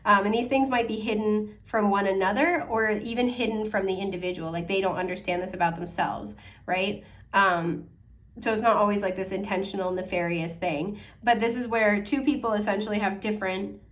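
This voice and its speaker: A woman's voice: mid-range voice, steady tone, a little fast. A woman giving a casual weekly tarot forecast to her viewers, rambling with lots of fillers, correcting herself and apologizing with a laugh. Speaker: astrology and tarot reader. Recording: voice a bit distant from the mic.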